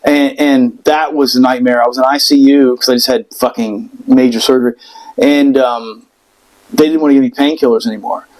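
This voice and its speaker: A man telling a personal story in casual podcast chat, animated and profane, acting out the people in it. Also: medium pitch, moderate pace, rough recording. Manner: animated, profane, acts out voices in quotes.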